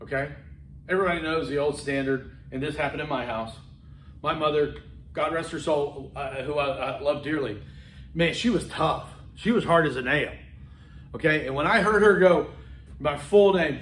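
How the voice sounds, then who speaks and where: A middle-aged man lecturing a college class in an echoey classroom. He talks loudly, with chatty asides and repeated words, and his fairly high voice swings up and down a lot. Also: normal speed, pauses often, distant mic, slight background noise. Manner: animated, loud, chatty with asides and repetitions. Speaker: college instructor. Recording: echoey room.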